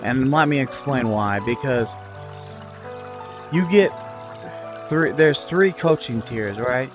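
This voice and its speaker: A man's voice: mid-range voice, animated, takes it slowly, over music. A man telling a story about his job in a casual, rambling way, full of fillers and swearing. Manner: rambling, frequent fillers and profanity. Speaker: vlogger recounting a work dispute.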